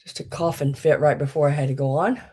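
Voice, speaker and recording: A woman's voice: sits low, fairly even intonation, fast talker, slightly rough. A woman hosting a live vintage sale stream, chatting in a folksy way and greeting viewers by name. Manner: drops into soft muttering asides. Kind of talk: casual live-stream chat.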